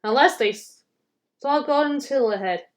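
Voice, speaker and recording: A woman reading a children's storybook aloud, halting with restarts and clearing her throat. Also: sits high, low-quality recording.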